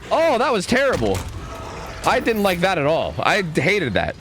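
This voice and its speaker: A man's voice: high voice, huge pitch swings, moderate pace, fairly bright tone. A young man streaming a game, chatting casually, rambling with lots of filler words and swearing when frustrated. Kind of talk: casual live gameplay commentary. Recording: clear background noise under the voice.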